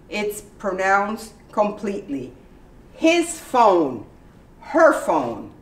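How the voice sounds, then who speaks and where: A woman teaching English pronunciation in a library, repeating example sentences slowly and carefully. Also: medium pitch. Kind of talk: pronunciation lesson. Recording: echoey room, voice from the mic's distance.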